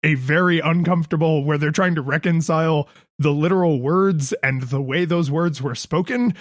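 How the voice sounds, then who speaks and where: A man with a fairly high voice co-hosts a casual podcast, rambling and making fun of himself. He puts on bright, raised voices when he quotes people. The sound is dry and close. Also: moderate pace, dry recording. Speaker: podcast co-host. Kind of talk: casual chat.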